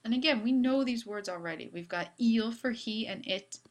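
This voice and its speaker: A woman's voice: fairly high pitch, normal speed. A woman teacher giving a video lesson on French grammar, upbeat with playful asides.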